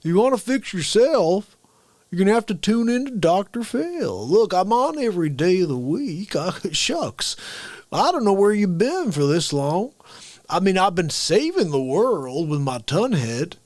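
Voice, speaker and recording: A man's voice: sits high, sing-song, unhurried, darkish tone, no echo. A man impersonating a folksy, boastful TV advice doctor who talks over the top in a salesy drawl.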